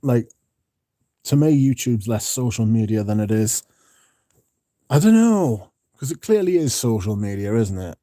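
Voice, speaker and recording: A man's voice: medium pitch, lively intonation, unhurried, long pauses, dark tone, no echo, studio quality. A man hosting a casual livestream, talking bluntly and swearing freely as he reads out and answers viewer comments. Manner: blunt and profane. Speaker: livestream host.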